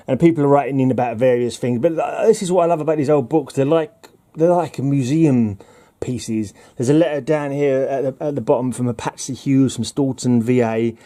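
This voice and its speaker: A man chats through his old comic books in a relaxed, wry way, poking fun at himself. His voice is mellow and warm. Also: medium pitch. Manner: chatty, wry, laughs at himself. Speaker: comic book vlogger. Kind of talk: casual chat reading comics.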